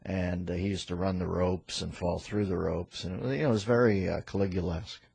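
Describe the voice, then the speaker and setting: A man hosting a radio talk show, firing off quick wisecracks and pop culture jokes in casual banter from the studio. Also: sits low, fairly even intonation, creaky, darkish tone, slightly rough, no room sound. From United States. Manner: rapid-fire wisecracks and pop culture riffs.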